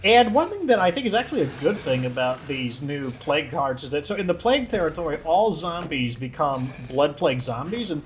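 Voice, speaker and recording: A man hosting a let's play, commenting in an excitable, rambling way and filling his talk with "like". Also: on the high side, brisk, hardly any pauses, slight background noise. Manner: excitable, rambling, heavy use of "like". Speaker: gaming channel host.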